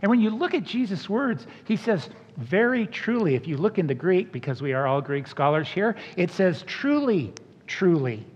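A man preaching a sermon in a lively, conversational way, acting out the people he quotes. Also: high voice, moderate pace, hardly any pauses, slightly rough. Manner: animated, acts out quoted voices. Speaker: pastor. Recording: dull sound with long hall reverb.

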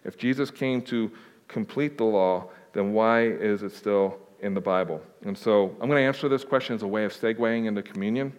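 A man's voice: lowish voice, normal speed, smooth. A man preaching a conversational sermon as a pastor, answering questions in an informal, plain-spoken way with joking asides. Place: church sanctuary. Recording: long reverb of a large hall.

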